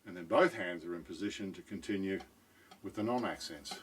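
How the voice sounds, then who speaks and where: A man's voice: low-pitched, brisk, recorded from a distance, background noise. A man teaching drum technique in a patient video lesson, often checking in with "right?".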